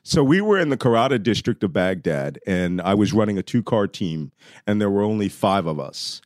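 A middle-aged man telling war stories as a podcast guest, lively and laughing often as he acts out the dialogue. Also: fairly low pitch, moderate pace, no echo, clean studio sound. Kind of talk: animated war storytelling.

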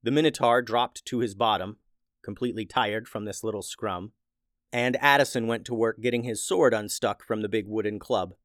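A man's voice: fairly low pitch, moderate pace, fairly bright tone, dry recording, clean studio sound. Man narrating a children's story.

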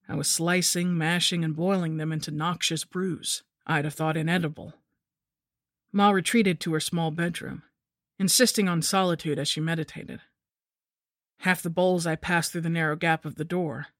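Woman, scripted horror narration, measured, somber, dry close mic. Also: low voice, fairly bright tone, no room sound.

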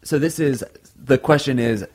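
A man guesting on a podcast, talking things through in a laid-back, reasoning way with a husky voice. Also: medium pitch, normal speed, a crowd in the background. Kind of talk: casual chat.

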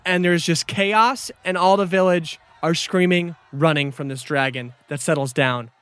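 A man narrating a tabletop game as game master, in a lively, theatrical way. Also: a little high, moderate pace, clear, resonant tone, dry recording.

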